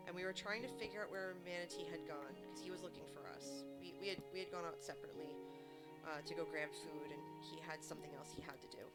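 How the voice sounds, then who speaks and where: A woman game streamer chatting casually to her viewers and telling stories in an animated way. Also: on the low side, quick pace. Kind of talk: casual chat. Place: home streaming setup. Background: background music.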